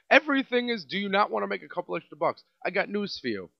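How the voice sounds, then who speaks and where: Podcast host, New York man, comic rant, high voice swinging all over, sarcastic, dull dry lo-fi sound. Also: animated, fast, vocal fry, no room sound. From Staten Island, New York. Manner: sarcastic, mocking, swings between loud and muttered. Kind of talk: comedic rant monologue.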